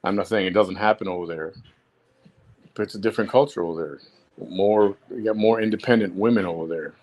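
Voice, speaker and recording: Hosting his own podcast alone, a man from Chicago speaks briskly in a fairly low, slightly mellow voice. He's blunt and heated, repeating points to drive them home.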